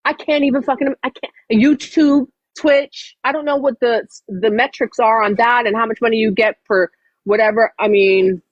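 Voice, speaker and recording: A woman's voice: on the high side, steady tone, normal speed, dry recording, highs cut off. A woman chatting casually on a livestream, blunt and full of swearing.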